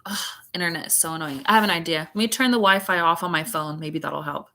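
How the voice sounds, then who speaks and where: A woman with a fairly low, pushed, bright voice reads a story to her class on a video call. She's a chatty teacher who pauses frequently to comment and explain.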